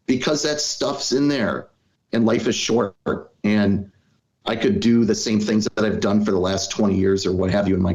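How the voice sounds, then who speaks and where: A man's voice: lowish voice, darkish tone. A middle-aged man from Wisconsin, a podcast guest telling his own story in an earnest, reflective way with plenty of "you know" fillers. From Wisconsin, US Midwest. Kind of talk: personal storytelling in conversation. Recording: slightly dull, lo-fi audio.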